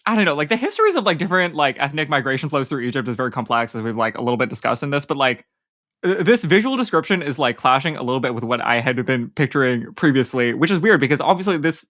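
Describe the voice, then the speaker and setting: A woman's voice: extremely low pitch, expressive, fast, fairly bright tone. A woman co-hosting a book podcast in casual chat, talking animatedly with lots of fillers and laughs, and sometimes reading passages aloud. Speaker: podcast co-host.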